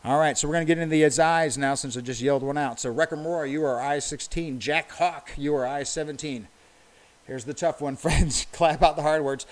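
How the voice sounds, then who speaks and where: A man's voice: on the high side, steady tone, fairly quick. A man hosting a casual livestream, calling out bingo numbers and viewer names in a chatty, upbeat way.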